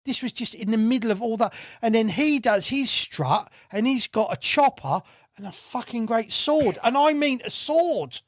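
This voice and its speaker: A man, a guest angler on a podcast, telling stories in a casual, animated way, swearing freely and acting out what people said. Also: extremely high pitch, moderate pace, no echo, studio quality. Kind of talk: casual storytelling chat. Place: podcast studio. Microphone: studio mic.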